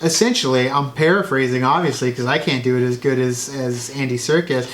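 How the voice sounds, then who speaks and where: A man co-hosting a casual film discussion who steers the talk along and drops lively asides. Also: mid-range voice, fairly quick, few pauses. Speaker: podcast co-host.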